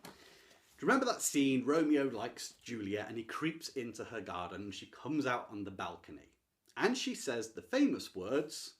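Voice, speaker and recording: A man who teaches literature to camera, talking emphatically and swinging between loud declarations and hushed stresses. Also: mid-range voice, very animated, moderate pace. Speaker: literature teacher and channel host. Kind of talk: enthusiastic explanatory talk to camera.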